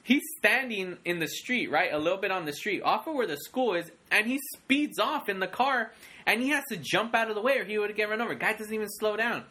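A young man co-hosting a casual movie chat, rambling and excitable with many restarts. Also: high voice, a little fast. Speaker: podcast co-host.

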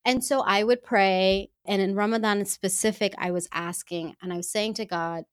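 A woman at a middle pitch tells a personal story to her listeners. Her delivery is earnest and heartfelt, with expressive rises and drops. The voice sounds dry and close, with no room around it. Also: moderate pace, hardly any pauses, clear, resonant tone, no echo. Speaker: speaker addressing women listeners.

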